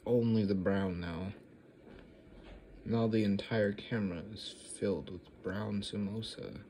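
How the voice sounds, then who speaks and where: A man with a fairly low voice rambles through a casual vlog from a dinner table, swearing freely and talking through mouthfuls. The sound comes from a camera microphone, with a faint hiss behind him. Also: measured pace, warm tone. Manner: offhand, rambling, swears freely, talks while chewing. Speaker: vlogger.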